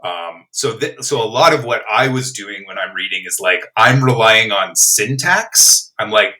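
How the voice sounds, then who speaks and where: Bright-voiced, thoughtful male podcast guest. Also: lowish voice, lively intonation, normal speed, few pauses, poor audio. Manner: reflective, enthusiastic, thinks aloud. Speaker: guest, playwright. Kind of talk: casual podcast discussion.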